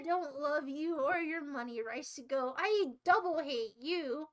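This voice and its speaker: A woman's voice: extremely high pitch, measured pace, few pauses, fairly bright tone. A young woman hosting a livestream, talking casually in a melodramatic, mock-despairing and playfully insulting way. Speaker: livestream host.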